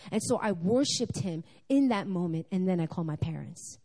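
A woman speaking at a church service, telling a personal testimony in an animated, storytelling way. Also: lowish voice, a little fast, hardly any pauses. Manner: animated storytelling, acting out dialogue.

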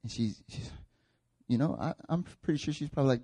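A man preaching a sermon in a conversational way, acting out biblical figures and building to loud, passionate peaks. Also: medium pitch, a little fast, slightly rough. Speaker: pastor.

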